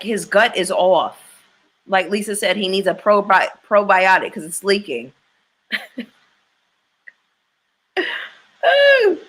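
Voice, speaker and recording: A woman's voice: medium pitch, bright, forceful tone. A woman hosting a casual chat with her viewers, blunt and opinionated, swearing freely as she reacts to a reality show.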